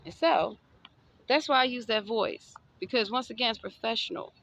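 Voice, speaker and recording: A woman's voice: fairly high pitch, fairly even intonation, a little fast, a bit bright, muffled recording, a little hiss or hum. Sassy woman. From Southern United States. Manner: sassy, defiant, preachy. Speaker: vlogger. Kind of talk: motivational monologue.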